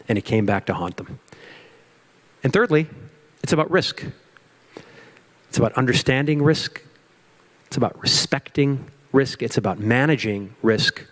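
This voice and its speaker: A man giving a motivational keynote to an audience, with emphatic repetition and storytelling. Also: mid-range voice. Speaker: keynote speaker. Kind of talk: motivational speech.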